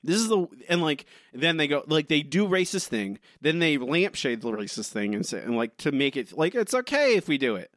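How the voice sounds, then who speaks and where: Animated rambling male podcast co-host. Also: a little high, normal speed, hardly any pauses, no room sound, clean studio sound. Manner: animated, rambling with many "like" fillers. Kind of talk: casual chat.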